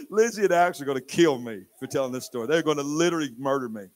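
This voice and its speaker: An older man preaching a sermon in church, telling a family story with animated swings from hushed to loud. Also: medium pitch, very fast, few pauses. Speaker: pastor.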